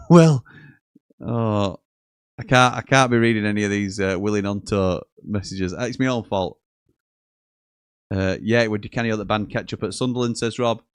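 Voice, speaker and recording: A man hosts a live football watchalong in a relaxed, joking way, reading out viewers' messages as he goes. His voice sits a little low. The sound is dry and close, with no room echo. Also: normal speed, long pauses, smooth. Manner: chatty, jokey, reads out messages and chuckles often. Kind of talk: live casual commentary reading viewer chat.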